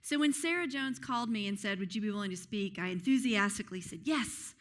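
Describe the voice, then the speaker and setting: A woman's voice: mid-range voice, fairly quick. A woman from the United States giving an upbeat, enthusiastic TED-style talk on a conference stage, with self-deprecating humor. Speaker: keynote speaker. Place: conference stage before an audience.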